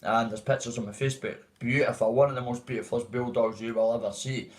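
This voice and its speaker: A man's voice: mid-range voice, steady tone, quick pace, a little hiss or hum, rough recording. Man, Dundee Scottish accent, livestream host, casual rambling chat, calls everyone mate. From Dundee, Scotland.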